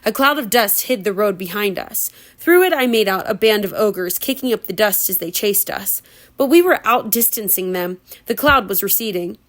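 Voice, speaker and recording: A woman's voice: medium pitch, lively intonation, moderate pace, fairly bright tone. A woman reading a novel aloud at home as a homemade audiobook, breaking into giggly, chatty asides. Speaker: reader.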